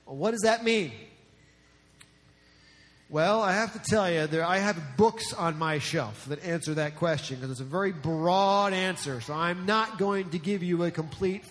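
High-voiced man preaching in a hall. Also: moderate pace. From New Jersey. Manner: conversational, joking preaching. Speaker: pastor. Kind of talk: sermon. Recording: long reverb in a large hall.

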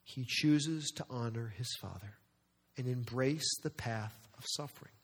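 A male pastor preaching a dramatic, emphatic sermon full of rhetorical questions, slowing down for weighty lines and speeding up for asides. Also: mid-range voice, husky, in a large hall. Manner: swings between slow weighty phrasing and quick asides.

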